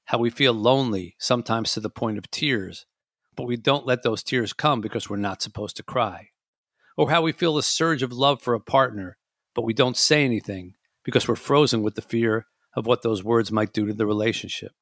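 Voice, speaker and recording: A man reading a memoir aloud in a measured, reflective way. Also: mid-range voice, fairly bright tone, dry recording, clean studio sound. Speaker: audiobook reader and podcast host.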